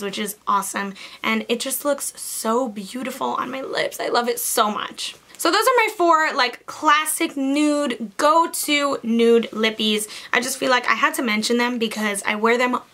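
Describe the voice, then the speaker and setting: A young woman talks straight to her camera in a casual beauty vlog. Her voice is bright and forward, sitting a little higher than most, and she gushes eagerly with plenty of "like" between her thoughts. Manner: bubbly, gushing, says "like" a lot. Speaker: beauty vlogger. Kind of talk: casual makeup favorites vlog.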